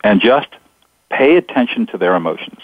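A man being interviewed as a guest author on radio, explaining his method in a measured, step-by-step way. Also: fairly low pitch, animated, dry recording. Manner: measured, explanatory, steps through points. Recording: dull lo-fi radio sound.

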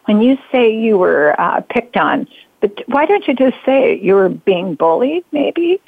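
An older woman from the Pacific Northwest hosts an internet radio talk show. Her voice is gravelly and dry, and she talks in a halting, repetitive way with frequent laughs. The sound is muffled and lo-fi. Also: mid-range voice, sing-song, no room sound. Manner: halting, repeats herself, laughs often. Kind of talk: casual interview chat.

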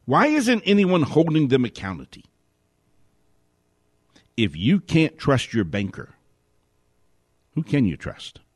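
A man giving a spoken commentary monologue, indignant, asking question after question and dropping to a hushed whisper for emphasis. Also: fairly high pitch, sing-song, slightly rough, no echo. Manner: indignant, rapid rhetorical questions. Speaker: host.

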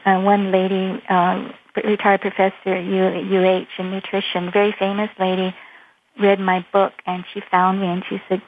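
Gravelly woman telling stories on a phone line. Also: medium pitch, a little hiss or hum. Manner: lively, fast anecdote-telling. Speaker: author and guest. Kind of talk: storytelling in an interview. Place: Hawaii.

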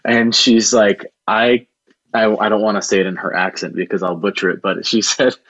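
A man with a fairly low voice tells a long personal story in an interview, earnest and rambling, circling back with fillers and restarts. The sound is dry and a bit dull, like a modest lo-fi recording. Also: flat delivery, normal speed, a bit bright, no room sound. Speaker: video production business owner, guest.

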